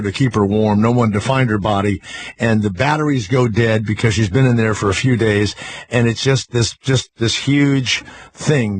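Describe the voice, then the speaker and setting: A man hosting a talk radio show, chatting with callers in a brash, crude, rambling way. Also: mid-range voice.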